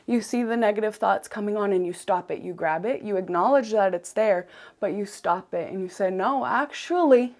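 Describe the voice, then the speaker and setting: An earnest young woman speaks straight to her viewers in a personal vlog, her voice at an ordinary middle pitch. She leans on key words and repeats phrases for emphasis as she speaks. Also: normal speed, darkish tone. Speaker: vlogger.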